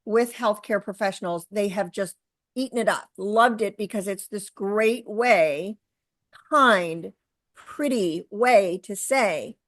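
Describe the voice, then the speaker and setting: A woman's voice: mid-range voice, dry recording. Middle-aged woman guest, earnest, lots of ums and restarts, dry mic. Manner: earnest, halting, many fillers and restarts. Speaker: guest, author and caregiver. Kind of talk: conversational interview.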